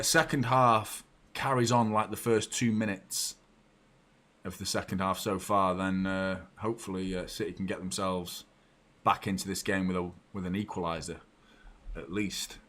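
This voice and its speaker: A man hosting a live football watchalong, excitable and sweary, jumping from shouts to low muttering. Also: normal speed. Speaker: football fan channel host. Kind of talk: live match watchalong commentary.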